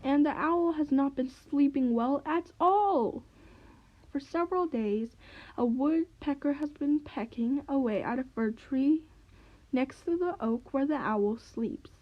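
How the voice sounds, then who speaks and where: A woman reading a children's story aloud, gentle and clear. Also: sits high, slow, dull audio.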